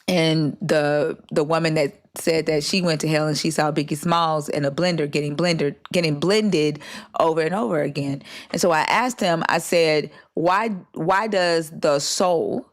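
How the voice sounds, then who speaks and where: Livestream host ranting a story, cussing a lot, acting out what people said, middle pitch. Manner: profane, animated storytelling; acts out quoted dialogue. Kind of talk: casual livestream chat.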